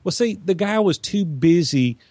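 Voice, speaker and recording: A man's voice: high-pitched, animated, moderate pace, mellow, no room sound, studio quality. A man, a business coach, telling stories in an interview in an emphatic, persuasive way, acting out quoted dialogue. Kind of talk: casual interview storytelling.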